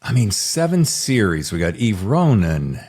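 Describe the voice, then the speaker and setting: A man's voice: lowish voice, big pitch swings, a little slow, darkish tone, slightly rough. A man hosting a podcast interview, talking in an enthusiastic, rambling way. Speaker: podcast host. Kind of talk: casual interview chat.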